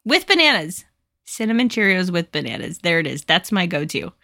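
A woman's voice: fairly low pitch, very animated, brisk, bright, forceful tone. A woman hosting a casual podcast, chatty and playful, often laughing. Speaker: podcast host.

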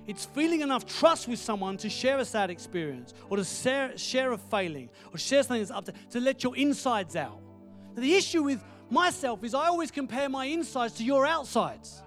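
A man preaching a sermon, telling stories with lively energy, dropping to a hush for quoted words and often asking "right?". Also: high-pitched. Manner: animated storytelling, asks the audience "right?".

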